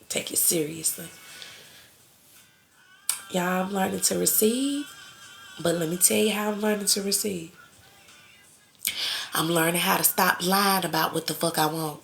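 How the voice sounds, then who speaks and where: Woman doing a live card reading, gravelly fry in her voice, talks easy to the viewers like family. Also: on the low side, measured pace, pauses often, fairly bright tone, faint music behind. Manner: chatty, calls viewers cousin and baby, laughs often. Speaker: tarot reader on a live stream. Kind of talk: casual live-stream chat.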